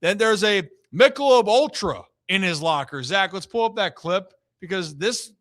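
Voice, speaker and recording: A man's voice: high voice, lively intonation, fairly bright tone, no echo. A man hosting a sports talk show, giving emphatic opinions in casual chat. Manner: opinionated, emphatic, drawn-out stresses.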